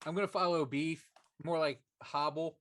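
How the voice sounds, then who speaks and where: A man's voice: fairly high pitch, steady tone, moderate pace. A man playing in a live tabletop game, chatting casually and cracking jokes. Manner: jokey, wisecracking. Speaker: player. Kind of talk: casual tabletop play chat.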